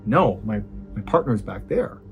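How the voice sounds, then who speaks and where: A man voicing a startled hiker in a true story, answering in halting bursts. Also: lowish voice, very animated, soft background music, voice pushed down. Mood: nervous.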